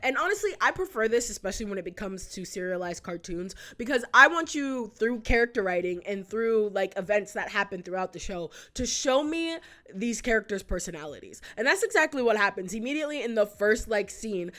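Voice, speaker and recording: Woman, casual video reviewer, mid pitch, rambling and chatty, loose filler-heavy delivery. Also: lively intonation, fairly quick, pushed and bright. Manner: chatty, rambling, many "like" fillers, frequent laughs. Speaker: youtuber reviewing a cartoon. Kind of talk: casual retrospective commentary.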